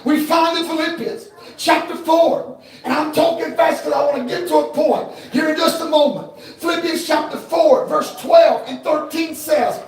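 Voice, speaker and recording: A man preaching a fervent, shouted sermon to his congregation, acting out the scripture characters as he goes. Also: extremely high pitch, normal speed. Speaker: pastor. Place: large church hall. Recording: echoey church hall from far off, music behind.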